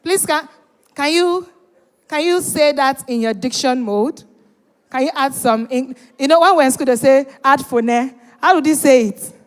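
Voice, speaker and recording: Lively high-voiced woman hosting. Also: moderate pace. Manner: animated, teasing, urging the crowd. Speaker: event host. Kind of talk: hosting a live event, bantering with the audience. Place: large event hall. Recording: reverberant hall.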